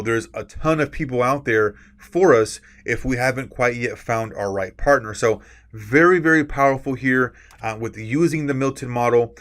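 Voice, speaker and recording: A man's voice: medium pitch, fairly bright tone. A man teaching a recorded course lecture. He explains with examples, stresses key words on purpose and often adds a tag "right?". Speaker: course instructor.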